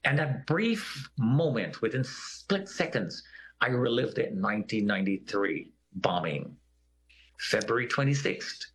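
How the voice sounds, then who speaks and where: A man's voice: medium pitch, very animated, measured pace, fairly bright tone. A man telling a personal story in an interview, acting out the voices of the people in it. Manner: vivid storyteller who acts out the quoted voices of others.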